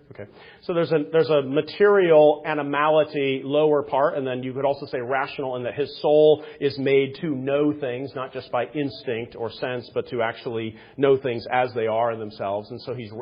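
A man's voice: medium pitch, husky. A man giving an unscripted theology lecture, discursive and self-correcting, full of rhetorical questions and asides. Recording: dull lo-fi recording.

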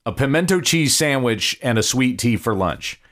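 A pastor hosts a relaxed listener-questions podcast, moving between light banter and plain Bible teaching. His voice sits at an ordinary middle pitch and carries an easy, good-humoured tone. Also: normal speed. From Southern United States. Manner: easygoing, chuckles often, shifts from teaching to banter.

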